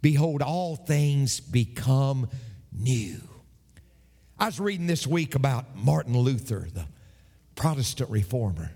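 A male pastor delivering an emphatic sermon, with dramatic pauses and repeated phrases. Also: mid-range voice, sing-song, creaky, warm tone, breathy edge, long reverb tail.

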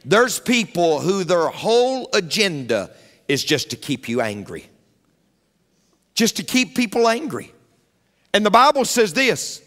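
A male pastor preaching a sermon, emphatic and repetitive, swinging between loud punches and quiet asides. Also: a little high, very animated, measured pace, long pauses, long reverb tail.

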